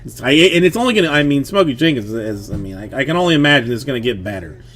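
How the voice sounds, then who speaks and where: A man's voice: medium pitch, animated, fast, fairly bright tone, faint music behind. Man, thirties, a streamer and dad, casual rambling chat, heavy on fillers. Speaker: streamer, father of a young daughter.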